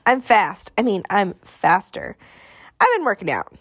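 A woman's voice: mid-range voice, huge pitch swings, a little slow, fairly bright tone, husky, dry recording, studio quality, full character voice. A woman voicing a swaggering teenage boy who taunts and brags in street slang. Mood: boastful. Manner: boastful street slang, jeering.

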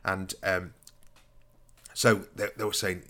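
A man, co-hosting a podcast in a teasing, animated way. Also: fairly low pitch, a little fast. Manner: teasing and animated, slips into playful mimicry. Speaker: podcast co-host. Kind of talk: casual chat.

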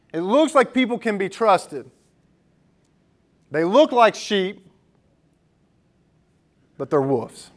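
A man with a high-pitched voice preaching to his church in an earnest, emphatic manner. He shifts easily into conversational storytelling. His delivery stays direct and persuasive. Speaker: pastor. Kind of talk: sermon.

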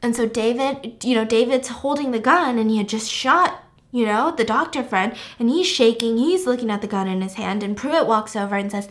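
A woman podcast host retelling a film plot in a chatty, animated way, moving between hushed and loud. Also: a little high, normal speed. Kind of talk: casual storytelling of a film plot.

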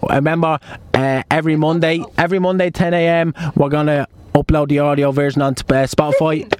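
A man's voice: a little high, fairly even intonation, a little fast, clean tone. Rambling young man in a parked car. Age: 20s. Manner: chatty and rambling, many restarts, retells a film scene with acted lines. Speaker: podcast host. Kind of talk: casual chat.

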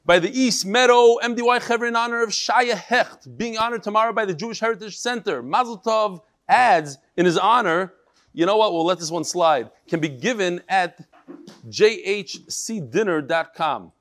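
A middle-aged man teaching a Torah class in lively talk, mixing Yiddish and Hebrew terms into English. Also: sits high, moderate pace.

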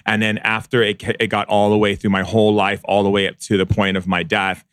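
A man recounting a personal experience as a podcast guest, speaking slowly and reflectively with frequent pauses and fillers. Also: on the low side, little pitch movement, fairly bright tone, smooth, no echo, studio quality. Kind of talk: personal storytelling in a podcast interview.

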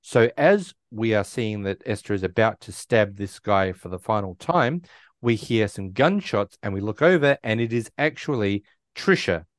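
A man's voice: lowish voice, expressive, normal speed, dry recording, studio quality. Rambling man recapping a film. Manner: rambling storyteller, many restarts and quoted lines. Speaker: podcast co-host. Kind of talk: casual movie recap chat.

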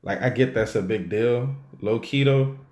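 A man co-hosting a casual chat, animated and joking, full of slang and drawn-out fillers. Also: mid-range voice, slight background noise. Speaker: podcast co-host. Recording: roomy echo.

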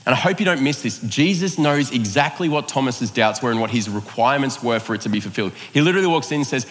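A man's voice: mid-range voice, fast, few pauses, fairly bright tone, big-room sound. A man preaching a sermon, telling a personal story in a conversational, self-mocking way and acting out the lines of the people in it. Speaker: pastor.

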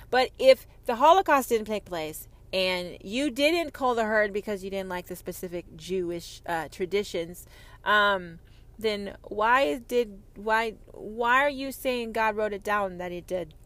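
A woman hosting a podcast, delivering a profane, confrontational rant that swings between loud outbursts and hushed lines. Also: medium pitch, animated, unhurried. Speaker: podcast host. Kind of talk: ranting podcast monologue.

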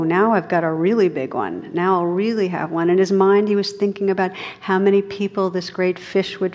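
A woman's voice: on the low side, darkish tone. A woman meditation teacher talking casually to a group with self-amused laughter, then reading a story aloud. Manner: casual, laughs at her own asides. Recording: dull recording with a long hall echo.

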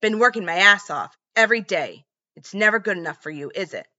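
A woman voicing a menacing, violent man who shouts angry demands. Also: mid-range voice, expressive, a little fast, no echo, muffled recording.

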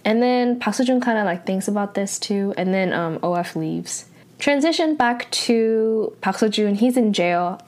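A young woman talks through a drama episode in loose, casual chat. She rambles and leans on filler words at every turn. She often sounds exasperated and animated as she reacts to the plot. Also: mid-range voice, a little slow. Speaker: drama recap vlogger.

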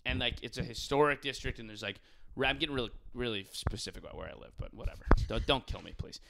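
A man's voice: medium pitch, fast talker, vocal fry, noisy background. A young man on a podcast, chatting casually and animatedly, swearing often and saying "dude" a lot.

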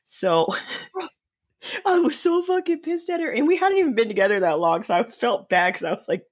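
Profane storytelling podcast guy. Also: extremely high pitch. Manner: animated, profane anecdote-telling with dramatic pauses. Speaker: podcast co-host. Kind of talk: casual storytelling.

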